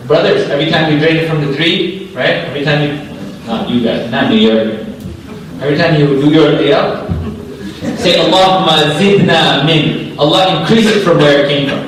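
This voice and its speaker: A young man giving a casual, joking Islamic talk to students, slangy and animated. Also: on the high side, brisk, a little hiss or hum. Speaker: Islamic speaker. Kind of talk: informal lecture to students. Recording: echoey hall from far off.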